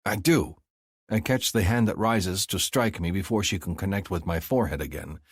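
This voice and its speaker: A man reading a novel aloud in first person, measured and intense. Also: deep voice, expressive, husky, no echo, studio quality. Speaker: audiobook narrator. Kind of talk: scripted first-person narration.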